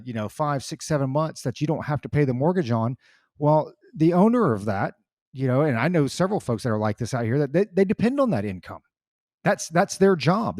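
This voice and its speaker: A man's voice: medium pitch, a little mellow, no echo. Rambling man explaining, dry close sound. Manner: rambling, explanatory, many restarts. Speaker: podcast co-host. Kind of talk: casual political chat.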